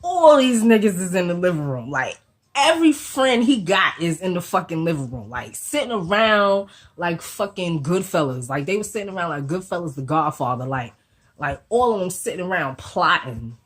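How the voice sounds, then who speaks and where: A woman with a low, husky voice tells a storytime on her vlog. She talks in an animated, slangy way and swears freely. She slips into the voices of the people in her story as she goes. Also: normal speed. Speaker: vlogger.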